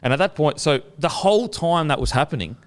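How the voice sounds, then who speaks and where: A man's voice: fairly high pitch, fairly quick. Man telling a sweary story. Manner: swearing, animated storytelling with acted quotes. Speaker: podcast host. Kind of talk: casual chat, storytelling.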